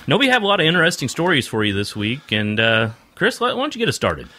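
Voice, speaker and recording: A man's voice: a little high, quick pace. A man hosting a podcast, chatting casually and cracking jokes about the news. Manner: playful, wisecracking, lively. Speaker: podcast host. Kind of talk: casual joking news chat.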